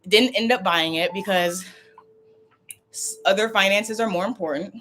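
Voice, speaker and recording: A woman's voice: medium pitch, moderate pace, fairly bright tone, slight background noise. Upset woman rambling to her stream. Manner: upset, rambling, repeats herself. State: tearful. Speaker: vlogger. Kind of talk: casual livestream talk.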